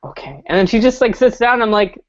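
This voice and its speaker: A woman co-hosting a casual fan chat, acting out quoted lines with animated swings in her voice. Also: fairly high pitch, fast, lo-fi sound. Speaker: podcast co-host.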